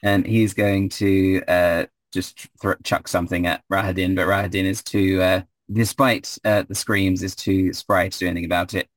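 A man's voice: low-pitched, flat delivery, moderate pace, few pauses, no room sound. A man running a tabletop game as game master, hesitant with many fillers.

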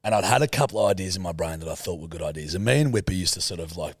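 An Australian man co-hosts a podcast in casual chat, swearing freely and laughing through his stories. His voice is gravelly and moves around a lot in pitch. The sound is dry and close. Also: expressive, very fast, no room sound. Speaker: podcast co-host.

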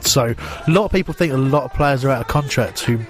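A man's voice: mid-range voice, fairly quick, over music. A man appearing as a regular pundit on a sports radio show, chatting casually, jokey and playfully secretive, often laughing. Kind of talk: casual studio banter.

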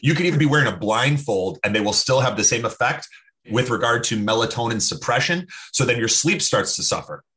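A man speaking as a podcast guest, talking emphatically and telling stories in an opinionated, animated way. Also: mid-range voice, brisk. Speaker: podcast guest, health expert. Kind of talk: casual interview talk.

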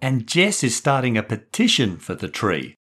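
A man voicing a young, excitable boy who cries and shouts in a storybook reading. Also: moderate pace, slightly rough, exaggerated voice. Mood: eager. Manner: high crying squeals.

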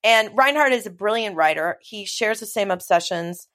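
Chatty middle-aged woman telling a story. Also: medium pitch. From Los Angeles. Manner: chatty, animated storytelling with quick asides. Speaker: interview guest, film producer. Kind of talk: casual conversation.

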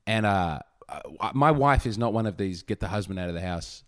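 A man's voice: lowish voice, expressive, normal speed, fairly bright tone. A man, hosting a comedy podcast and rambling playfully in casual chat. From Australia. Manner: rambling, jokey, daydreaming aloud.

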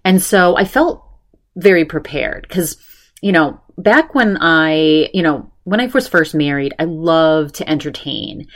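Middle-aged woman podcast host, lower voice, rambling and animated, acts out the voices of people she quotes. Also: unhurried. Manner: chatty, animated quoting voices, many fillers. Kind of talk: casual storytelling chat.

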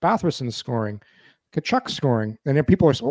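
A man's voice: medium pitch, sing-song, normal speed, a little mellow, slightly rough, no echo, studio quality. A man in his fifties co-hosting a casual sports chat, rambling and restarting his sentences often. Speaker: podcast co-host.

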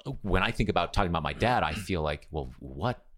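Middle-aged male podcast host, very low voice, reflective, halting delivery. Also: fairly bright tone. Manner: thoughtful, hesitant, many restarts. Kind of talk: casual conversation.

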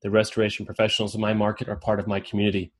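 An energetic man hosts an online roundtable over a video call. He talks in an upbeat, casual way and calls on members one by one by name. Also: fairly low pitch, racing.

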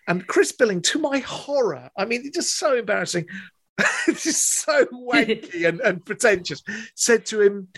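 Male, 50s, animated storyteller, casual and slangy. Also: extremely high pitch, moderate pace, no room sound. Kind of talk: casual anecdote telling.

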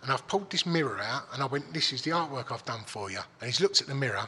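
A man's voice: mid-range voice, expressive, fast, pushed and bright, slightly rough. A man telling a story in casual chat, swearing freely and restarting his sentences. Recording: long hall reverb.

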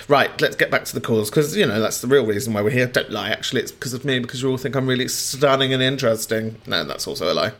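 A man's voice: medium pitch, quick pace, few pauses. A man hosting a call-in podcast who rants and swears freely in casual chat. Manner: animated, ranting, swears freely. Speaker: podcast host.

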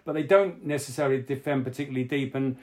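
A man discussing football tactics in casual podcast chat, analytical and hesitant, often pausing to rephrase. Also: medium pitch, darkish tone. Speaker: football pundit.

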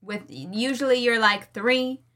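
A tired woman co-hosting a casual book club show, protesting and bantering with animated indignation. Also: on the high side, a little slow. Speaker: podcast co-host.

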